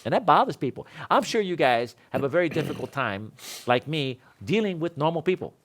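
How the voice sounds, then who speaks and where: Animated man teaching a seminar. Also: a little high, brisk. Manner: animated storytelling with laughs. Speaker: seminar instructor. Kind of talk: casual classroom talk.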